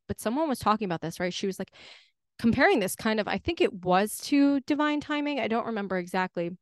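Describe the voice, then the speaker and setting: A woman's voice: medium pitch, no room sound, studio quality. Chatty young woman podcast host. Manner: chatty, upbeat, many "like"s and "right?"s. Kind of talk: solo podcast talk on manifestation.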